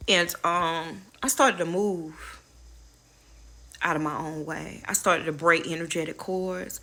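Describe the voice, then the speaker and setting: A middle-aged spiritual advisor who hosts a channel gives a casual inspirational talk in a low, pushed, bright voice. She shares life lessons candidly and preachily, swearing freely and addressing her viewers as y'all.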